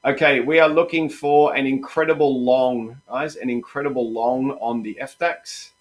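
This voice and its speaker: A man's voice: medium pitch, fairly even intonation, moderate pace. A man hosting a live trading session, chatty and upbeat, repeatedly calling his viewers "guys". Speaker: trading coach and host.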